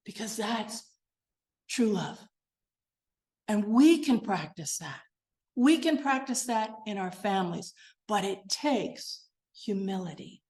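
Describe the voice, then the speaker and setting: An older woman minister giving a sermon, gentle and earnest, sinking to a soft, quiet voice as she leads a guided meditation. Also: expressive, slow pace, long pauses. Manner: gentle, earnest and softly spoken, dropping low and quiet.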